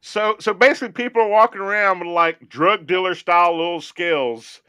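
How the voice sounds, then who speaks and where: A man's voice: high voice, fairly quick, pushed and bright, smooth, dry recording, clean studio sound. A man hosting a casual gaming podcast, joking and rambling as he thinks aloud. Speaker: podcast host.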